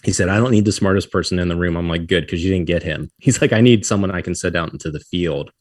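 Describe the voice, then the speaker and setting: Middle-aged man, very deep voice, lively storyteller, dry close sound. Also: fast talker, dry recording. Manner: animated, acts out quotes, laughs often. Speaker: podcast guest. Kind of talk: casual storytelling.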